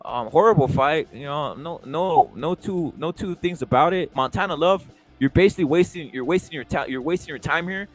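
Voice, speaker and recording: A man hosting a casual live boxing reaction stream, talking loosely with profanity and excited banter. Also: on the high side, fairly quick, faint music behind. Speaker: host.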